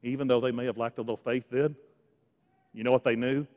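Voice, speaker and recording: A man's voice: medium pitch, steady tone, quick pace, dull audio. Preaching man in a reverberant church. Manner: dramatic swings from hushed to loud, preaching with sarcasm. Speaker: pastor. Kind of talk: sermon. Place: church sanctuary.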